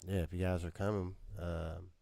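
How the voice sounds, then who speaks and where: Rambling low-voiced man on a call. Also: flat delivery, gravelly, mellow, no room sound. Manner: rambling, halting, easygoing. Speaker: podcast co-host and rapper. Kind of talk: casual chat on a live video call. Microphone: webcam video call.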